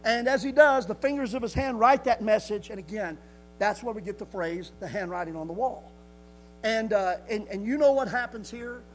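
A man preaching a sermon in a folksy, emphatic way, swinging from loud declarations to quiet asides. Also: high voice, normal speed, slight background noise, rough recording.

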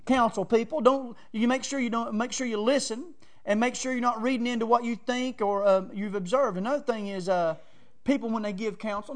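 A man preaching in a folksy, chatty storytelling way, acting out quotes and laughing often. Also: sits high. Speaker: preacher teaching on counsel.

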